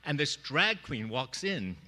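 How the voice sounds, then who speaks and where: Animated man telling stories in a church. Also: on the high side, unhurried, in a large hall. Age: middle-aged. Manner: animated, acts out quoted voices. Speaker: memorial speaker. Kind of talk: personal storytelling at a memorial. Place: church sanctuary.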